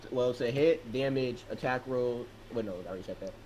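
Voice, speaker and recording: A man playing a tabletop game, chatting casually and thinking aloud in halting phrases. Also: mid-range voice, darkish tone, muffled recording, a little hiss or hum. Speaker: player.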